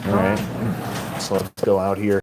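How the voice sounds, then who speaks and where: A man's voice: deep voice, monotone, moderate pace, noisy background. Chatty man hosting a live stream. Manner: chatty, greets viewers by name, laughs often. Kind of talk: casual live-stream chat.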